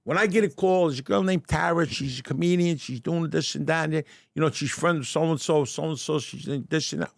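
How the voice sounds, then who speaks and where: An older man with a New York accent telling stories in a casual interview, animated and stammering over his starts. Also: a little high, brisk, creaky, hardly any pauses, no echo, studio quality. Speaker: guest, deli owner turned actor. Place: restaurant dining room.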